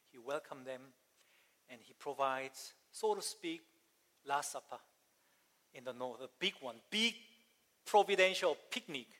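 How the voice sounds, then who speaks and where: A man's voice: a little high, a bit bright, big-room sound. A man preaching a sermon, telling a story, acting out voices and asking the congregation questions. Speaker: pastor.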